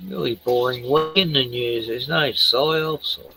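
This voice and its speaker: A man's voice: medium pitch, measured pace, creaky, low-quality recording. An Australian man hosting a casual livestream, rambling, swearing and chatting to his dog. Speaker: livestream host.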